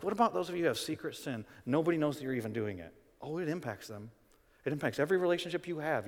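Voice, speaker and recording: A male pastor preaching a sermon, swinging between quiet, conversational stretches and loud, emphatic ones. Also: on the high side. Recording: reverberant hall.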